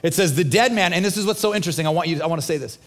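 A man's voice: fairly high pitch, racing. A man preaching a sermon as a pastor, in a casual, conversational way, acting out the dialogue of the story.

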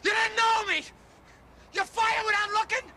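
An actor playing a furious male cop who shouts angrily at fellow officers. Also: extremely high pitch, little pitch movement, normal speed, no echo, clean studio sound, heavily acted. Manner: shouting, angry. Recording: noisy far-off film clip.

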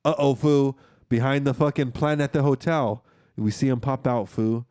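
A man hosting a podcast, casually recapping a movie in slangy, excitable storytelling full of swearing. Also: medium pitch, moderate pace, clean tone, dry recording, studio quality. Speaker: podcast host.

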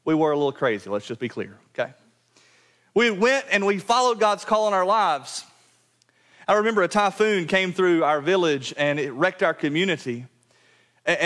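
A man preaching a sermon to his church, earnest and direct, often dropping to a quiet low voice to drive a point home. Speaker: pastor. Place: church sanctuary.

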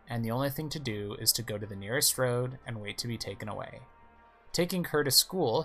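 A man's voice: mid-range voice, vocal fry, fairly bright tone. A man reading a story game's text aloud, with casual asides on the pictures. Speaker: game player narrating.

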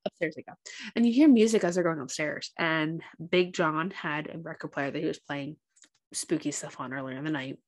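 Speaking fairly quickly in a low voice, this woman co-hosts a podcast. In relaxed chat she recounts a film's story with animation, performing the characters' quotes herself.

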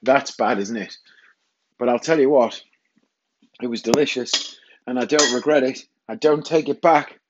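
A man's voice: medium pitch, moderate pace, long pauses, highs cut off, slight background noise. A middle-aged man hosting a rambling solo podcast from his kitchen, self-mocking and casually swearing. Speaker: podcast host. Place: home kitchen.

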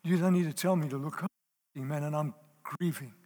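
A man's voice: fairly high pitch, brisk, mellow. A man preaching a sermon to a live audience. He talks emphatically, repeats his key phrases and checks whether the listeners are still with him. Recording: long reverb of a large hall.

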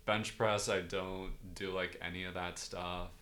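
A young man with a very low voice chats casually on a podcast. He speaks loosely, full of fillers and self-deprecating asides. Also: flat delivery, unhurried, bright, forceful tone. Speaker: podcast co-host. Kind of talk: casual chat.

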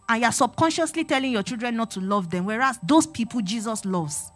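A woman's voice: fairly high pitch, lively intonation, brisk, a bit bright. An earnest woman preaches to a congregation in a sermon-style teaching. She exhorts her listeners and repeats phrases for emphasis. Faint music plays behind her. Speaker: church speaker on parenting.

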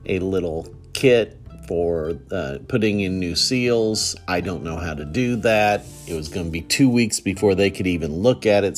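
A middle-aged man, hosting a casual solo podcast in a relaxed, rambling way with many fillers. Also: sits low. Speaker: podcast host.

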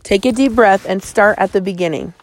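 A woman voicing a steady, protective mother who speaks in a firm, calming, measured way. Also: medium pitch, slight background noise, close to an everyday voice. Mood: concerned.

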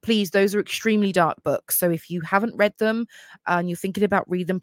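A woman's voice: on the low side, fairly even intonation, normal speed, no room sound, studio quality. A young woman hosting her own podcast, chatting casually and gushing about books, with lots of fillers. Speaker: podcast host. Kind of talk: casual solo podcast chat.

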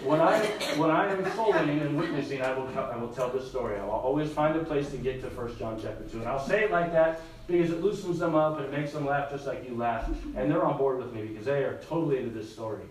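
A man's voice: mid-range voice, quick pace, hardly any pauses, recorded from a distance, slight background noise. A man preaching to a congregation, telling an illustration story with acted-out voices and laughter. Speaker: missionary preacher. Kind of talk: sermon illustration with audience participation. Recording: echoey room, speaker away from mic.

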